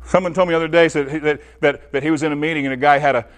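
A man preaching with real animation, his slightly raised voice jumping between loud, high bursts and low, quiet asides. He talks straight to his listeners and keeps pressing them for a response. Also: fairly even intonation, very fast. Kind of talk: sermon.

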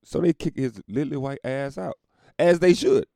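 A man's voice: fairly high pitch, moderate pace, vocal fry, warm tone, no room sound. A man who is a comedian telling a profane story in a loose, laid-back way, laughing through it. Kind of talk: casual storytelling monologue.

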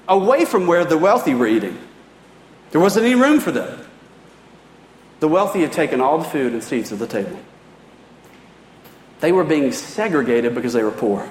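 A middle-aged man preaching a sermon in a church, talking in a conversational, animated way with casual asides. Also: a little high, slight background noise. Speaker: pastor. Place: church hall. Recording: roomy hall reverb.

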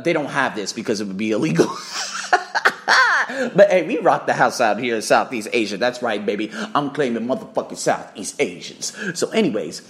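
A man telling a travel story in a casual vlog, profane and excitable, swearing freely as he talks. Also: mid-range voice. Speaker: vlogger and English teacher.

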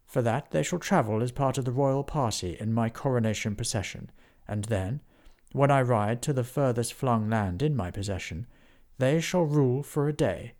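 A man voicing a young king who speaks in a stately, measured way. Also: medium pitch, creaky, darkish tone. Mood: pleased.

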